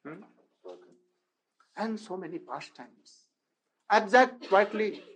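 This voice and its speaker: A man with a high voice tells a devotional story slowly, one unhurried phrase at a time. His English is halting and non-native, and he keeps turning to his listeners with rhetorical questions. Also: lively intonation, a bit bright, slight background noise, low-quality recording. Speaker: spiritual lecturer.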